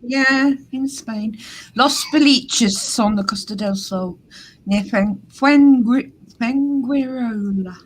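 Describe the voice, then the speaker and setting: A woman's voice: fairly high pitch, slow pace, poor audio. A woman in a playful, giggly casual chat on a video call.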